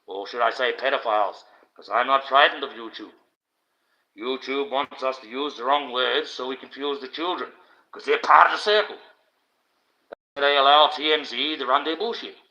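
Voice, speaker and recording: An Australian man hosting a livestream delivers a blunt, profane, indignant rant at normal speed. His mid-range voice has a sharp tone, and the stream audio is dull and lo-fi.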